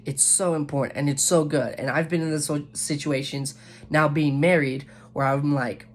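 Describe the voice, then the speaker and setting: A man's voice: a little high, steady tone, normal speed. Earnest young man reading scripture. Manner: earnest, with frequent self-corrections and restarts. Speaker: YouTube Bible study host. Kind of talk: casual Bible reading and devotional commentary.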